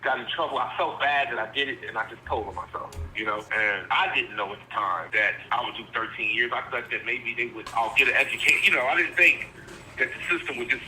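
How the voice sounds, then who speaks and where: A man's voice: medium pitch, a little fast, pushed and bright, a little hiss or hum, poor audio. A man in his forties from Virginia, talking earnestly and rambling a little in an interview, calling in by phone from prison. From Virginia, USA. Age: 40s. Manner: earnest, rambling, speaks plainly. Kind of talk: candid interview.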